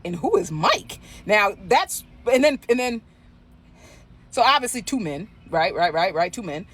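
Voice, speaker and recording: A vlogger telling a gossipy story casually, swearing freely with animated asides. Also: medium pitch, unhurried.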